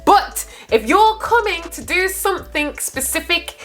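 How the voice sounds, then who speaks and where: Bright, animated young woman. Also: very high-pitched, measured pace, faint music behind. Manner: animated, exclaiming, laughing. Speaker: vlogger. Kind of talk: casual storytime.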